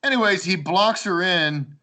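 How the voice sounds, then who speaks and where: A man telling old house-party stories in a casual chat, animated, acting out quoted lines and laughing often. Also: high voice, a little slow. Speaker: storyteller among old housemates.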